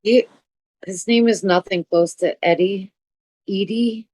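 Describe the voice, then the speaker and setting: A young woman co-hosting a casual podcast, cutting in with quick questions. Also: medium pitch, a little mellow, no echo. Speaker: podcast co-host.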